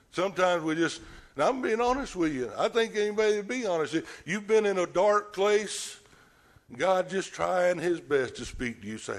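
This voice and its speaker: A man preaching a sermon, telling the story with animation and acting out scenes. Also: fairly high pitch.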